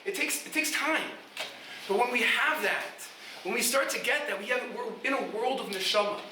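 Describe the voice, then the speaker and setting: Rabbi guy talking to students, really high bright voice, yelling n laughing a lot, far off in an echoey hall. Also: normal speed, slight background noise. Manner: excitable, shouts and laughs, many restarts and Yeshivish terms. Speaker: guest rabbi lecturing yeshiva students. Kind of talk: animated informal talk to students. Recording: echoey room, speaker away from mic.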